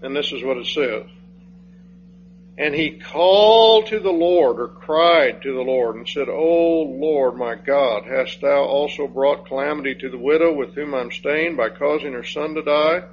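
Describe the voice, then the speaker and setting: A man preaching an expository sermon, slow and emphatic, rising on key phrases and dropping low when he reads scripture. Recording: dull lo-fi sound with faint hum.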